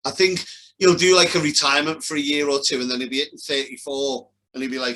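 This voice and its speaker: A man's voice: a little high, flat delivery, fast talker, sharp tone, rough recording. A young man co-hosting a podcast, talking casually in blunt, sweary rants. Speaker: podcast co-host. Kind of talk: casual chat.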